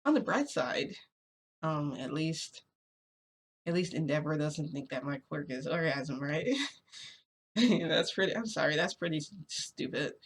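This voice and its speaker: A woman's voice: low-pitched, lively intonation, a little slow, slightly rough. A woman telling a story to her viewers in a rambling, chatty way, giggling often, her voice cracking from screaming. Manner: rambling, full of fillers and giggles. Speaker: vlogger. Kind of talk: casual storytime chat.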